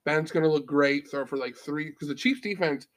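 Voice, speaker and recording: A man co-hosting a casual sports podcast, his voice pitched a little high. He banters in a brash, joking way and swears freely. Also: moderate pace, fairly bright tone.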